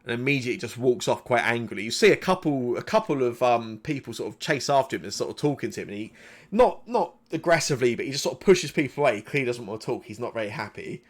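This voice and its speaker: A man's voice: mid-range voice, expressive, fast. Man narrating as game master, hesitant. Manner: loose, hesitant narration with many fillers.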